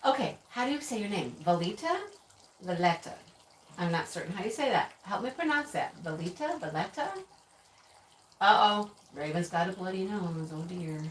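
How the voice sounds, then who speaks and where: A female craft host greets viewers on a livestream in a chatty, animated way, laughing often and calling out names. Her voice is medium-pitched at a moderate pace. She sits back from the mic in an echoey room with faint hiss.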